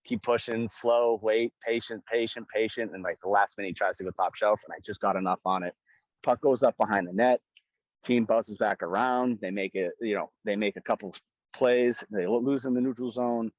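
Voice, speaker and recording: Low-voiced man telling an excited story. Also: brisk, no room sound, dull audio. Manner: excited, swears, repeats phrases. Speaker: guest, pro hockey goaltender. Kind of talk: casual emotional storytelling.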